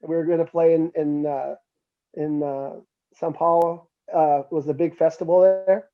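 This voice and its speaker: A middle-aged man with a voice on the high side speaks at a moderate pace through narrow, tinny audio. As a metal musician guesting on an interview, he tells casual stories and animatedly acts out quotes in a raised voice.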